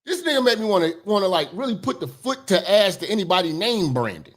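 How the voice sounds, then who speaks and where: Man, angry rant, profane commentary, pitch swinging up and down, slightly high voice. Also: very animated, quick pace, a bit bright. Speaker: commentary host. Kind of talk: ranting commentary.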